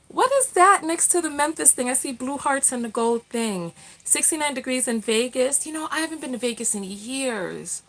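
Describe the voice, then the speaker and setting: A middle-aged woman chats through a casual livestream, greeting viewers and answering their comments. Her voice sits a little high, and she talks in loose, friendly bursts with plenty of fillers and restarts. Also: expressive, moderate pace. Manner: chatty and warm, frequent fillers and restarts. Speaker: livestream host, self-love coach.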